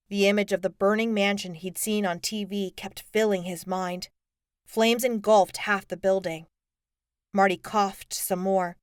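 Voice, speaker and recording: Woman reading an audiobook, even and steady, dry studio sound. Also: mid-range voice, moderate pace, smooth, no echo. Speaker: audiobook narrator. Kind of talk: scripted audiobook narration.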